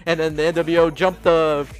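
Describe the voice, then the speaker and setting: A man hosting a casual podcast, rambling through stories and acting out quotes with frequent laughs. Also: a little high. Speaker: podcast host. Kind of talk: casual wrestling chat.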